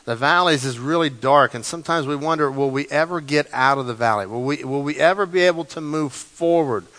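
Fairly quick and slightly high-pitched, a male pastor preaches with animation. He often repeats his words and acts out the lines of the story he's telling.

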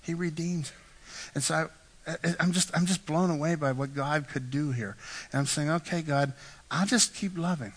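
A man's voice: fairly high pitch, fairly even intonation, normal speed. A middle-aged man preaching a sermon, telling self-deprecating stories with frequent "right?" asides. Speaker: pastor. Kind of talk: storytelling sermon. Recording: echoey hall reverb.

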